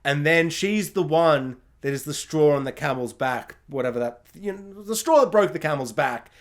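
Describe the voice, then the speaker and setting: A man's voice: fairly high pitch, animated, moderate pace. A man giving an effusive, emotional solo TV review, rambling and restarting as he talks.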